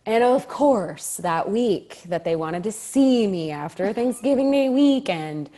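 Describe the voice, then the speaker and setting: Animated woman telling a story, laughing often. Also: medium pitch, a little slow. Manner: animated, laughs often, acts out quoted lines. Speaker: actor, guest. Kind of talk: storytelling in an interview.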